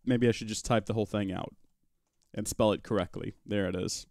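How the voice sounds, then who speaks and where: A man's voice: fairly low pitch, fairly even intonation, brisk, a little mellow, dry recording, clean studio sound. A man hosting a live gaming stream, chatting casually with viewers and joking with an in-game pet as he plays. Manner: chatty, joking asides, talks to chat and his pet rock. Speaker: gaming livestream host. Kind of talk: live Minecraft modpack let's-play commentary.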